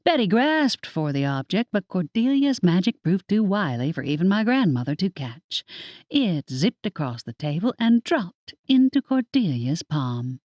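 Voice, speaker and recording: Expressive woman audiobook narrator, lowish voice, lively pitch, dry close studio sound. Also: dry recording. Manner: expressive storytelling. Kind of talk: scripted narration.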